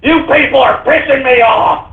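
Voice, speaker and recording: Foul-mouthed male call-in host, husky and shouty, phone-quality audio. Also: extremely high pitch, moderate pace. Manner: angry, profane ranting with sudden shouts. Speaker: radio show host. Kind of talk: call-in radio rant. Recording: phone-like narrow sound.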